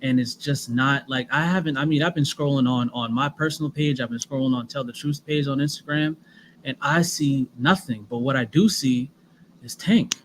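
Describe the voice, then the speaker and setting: A man's voice: mid-range voice, moderate pace, a little hiss or hum, poor audio. A man co-hosting a boxing podcast, talking in a rambling casual way with fillers and restarts. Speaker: podcast co-host. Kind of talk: casual sports chat.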